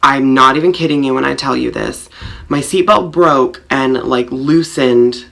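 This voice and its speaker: A man tells a story from his own life to the camera, rambling and self-mocking, stuffing his talk with fillers. His voice is bright and forward with a gravelly rasp running under it. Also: medium pitch, a little slow. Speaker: vlogger. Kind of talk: storytime vlog.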